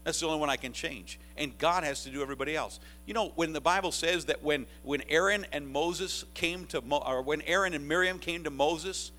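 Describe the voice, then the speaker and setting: Emphatic fifty-year-old male preacher, bright voice. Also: fairly high pitch, brisk, few pauses. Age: 50s. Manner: emphatic, swings from quiet reflection to loud urgent pleading. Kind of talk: sermon to college students.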